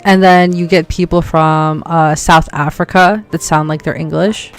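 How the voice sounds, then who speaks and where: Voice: medium pitch, fairly even intonation, measured pace, clear, resonant tone, soft background music. A streamer chatting casually while gaming, telling stories with lots of "like" fillers. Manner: chatty storyteller, heavy use of "like".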